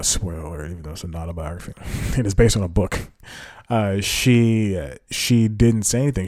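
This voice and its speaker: A man with a fairly low, mellow voice hosts a casual podcast, rambling and correcting himself as he goes. He laughs at his own asides. The recording is dry and close. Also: no echo. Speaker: podcast host. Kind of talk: casual solo podcast talk.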